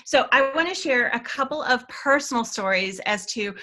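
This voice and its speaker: Upbeat middle-aged Southern woman coach, high-ish bright voice, chatty training delivery. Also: animated, normal speed. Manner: enthusiastic, chatty, laughs at own slips. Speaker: sales trainer, webinar co-host. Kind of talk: upbeat training talk with personal stories.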